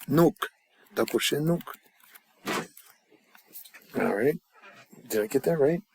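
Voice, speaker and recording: A man teaching a language class in a casual way, drilling phrases slowly and chatting loosely between them. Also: mid-range voice.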